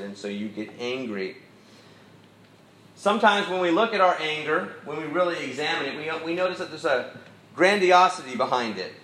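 A man's voice: medium pitch, a bit bright, roomy sound, a little hiss or hum, poor audio. A middle-aged man preaching a sermon in an easygoing, storytelling way with self-deprecating asides. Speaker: pastor.

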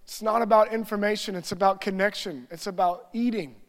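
A male pastor with a high voice delivers an earnest sermon from the pulpit. He stacks short phrases into lists and eases into soft, prayerful reading. The sound carries a long hall reverb. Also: a little fast.

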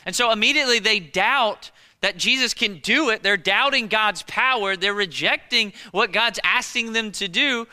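A man preaching a sermon as a pastor, animated and conversational, with lots of rhetorical questions. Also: high voice, moderate pace, few pauses, clean tone, in a large hall.

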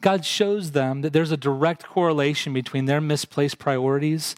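A man's voice: a little high, moderate pace, few pauses, dry recording. A man preaching a sermon, earnest, putting direct questions to his congregation. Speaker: pastor.

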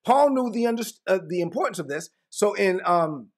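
A man preaching a sermon in a lively way, slipping into casual slang as he acts out scenes. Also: sits high, normal speed. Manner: animated, acts out biblical dialogue in casual slang. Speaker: pastor.

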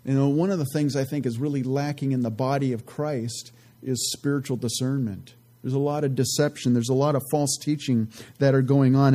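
A man teaches from scripture in an earnest, easygoing way, with frequent conversational asides. His voice sits at a middle pitch with a warm, mellow tone. He slows down deliberately when reading verses aloud. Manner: earnest, relaxed, many "you know" asides. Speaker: Bible teacher.

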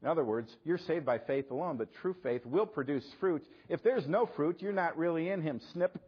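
Man, pastor, sermon, rhetorical questions, loud to hushed, husky, lo-fi sound. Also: on the high side, fairly quick.

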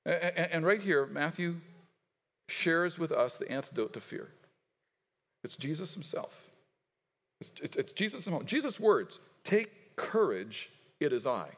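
A male pastor preaching a sermon in an animated way, with frequent stammered restarts and quoted voices he acts out. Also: a little high, normal speed, pauses often. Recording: long hall reverb.

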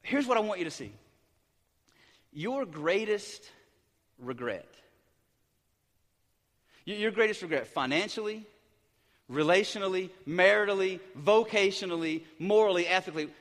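A middle-aged pastor preaching a sermon, hyper and excited, tumbling through restarts and repeated words. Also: male voice, a little high. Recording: big hall reverb.

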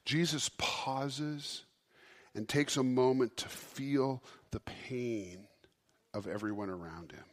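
A man preaching a sermon as pastor, impassioned, swinging from loud emphasis down to a soft hush. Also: mid-range voice, slow.

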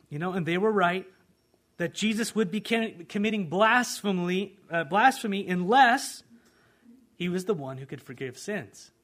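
A male pastor preaching a sermon, moving between quiet asides and loud, fervent pleas. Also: on the high side. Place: church sanctuary.

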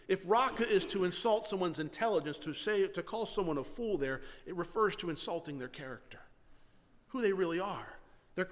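A man's voice: high-pitched, a bit bright. A man preaching a sermon in an earnest way, often repeating and restarting his phrases and putting questions to his listeners. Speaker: pastor. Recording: long hall reverb.

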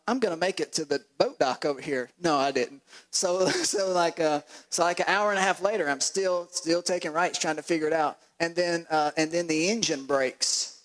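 A man preaching a sermon as pastor, telling animated stories with laughs and acted-out voices. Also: fairly high pitch, poor audio.

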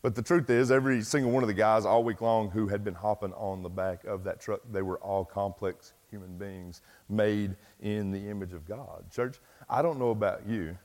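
Man, pastor, self-deprecating storytelling, fairly low voice, reverberant church. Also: normal speed, darkish tone. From East Tennessee, US. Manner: folksy, self-deprecating, lots of "like" and "uh" fillers. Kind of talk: storytelling sermon. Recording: long reverb from a large hall.

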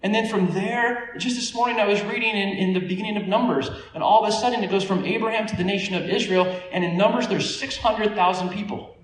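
A man preaching a sermon, telling stories in a conversational, animated way with small laughs. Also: high-pitched, fast talker. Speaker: pastor. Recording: echoey room, voice from a distance.

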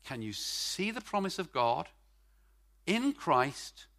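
Middle-aged preacher, church sermon, lively intonation, fairly high voice, drawn-out emphatic phrases. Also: male voice. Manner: emphatic, stretches key words, swings from loud to quiet. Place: church service.

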